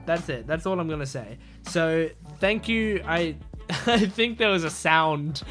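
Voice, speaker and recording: A young man on a headset mic hosting an anime reaction video, talking casually and hesitantly with many pauses and restarts. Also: a little high, lively intonation, fairly bright tone, soft background music. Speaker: anime reaction channel host.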